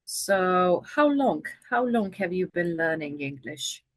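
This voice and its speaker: Slow, patient woman teaching English. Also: on the low side, very animated, no room sound. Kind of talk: online conversation lesson. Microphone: video call.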